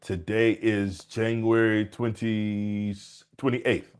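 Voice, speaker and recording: A man co-hosting a podcast in casual chat, telling stories with animated delivery and frequent laughter. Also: lowish voice, slow, smooth. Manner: animated storytelling, laughs often. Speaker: podcast co-host.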